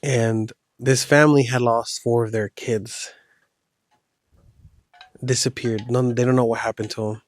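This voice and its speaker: A man's voice: mid-range voice, steady tone, measured pace, pauses often, no room sound. A man hosting a podcast, telling a horror story in a loose, casual way with slang. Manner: loose, rambling retelling with slang.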